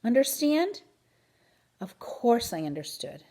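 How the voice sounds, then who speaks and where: A woman reading a children's book aloud in an expressive, animated way. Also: mid-range voice, moderate pace. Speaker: reader. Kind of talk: storybook read-aloud.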